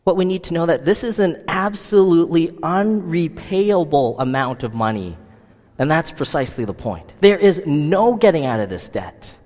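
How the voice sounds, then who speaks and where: A man's voice: a little high, animated, moderate pace, a little mellow, long reverb tail. A man preaching a sermon, asking the listeners many rhetorical questions. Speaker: pastor.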